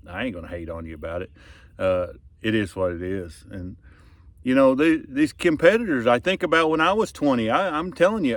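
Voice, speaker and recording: A middle-aged man tells a story in a casual, folksy, earnest way, often trailing off softly. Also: on the high side, no echo. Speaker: fishing vlogger and tournament angler. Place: outdoors on a boat on a river.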